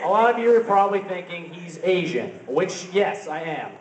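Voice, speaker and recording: High-voiced young man doing stand-up. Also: big pitch swings, normal speed. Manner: rambling absurd delivery with many fillers. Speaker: stand-up comic. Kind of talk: open-mic stand-up comedy. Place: open-mic venue. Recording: roomy, distant, noisy camera recording.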